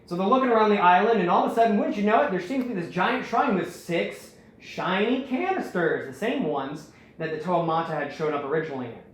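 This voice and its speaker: A man hosting a casual storytelling recap, rambling and animated, acting out the quotes. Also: sits high, brisk, few pauses. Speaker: host. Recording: very echoey room.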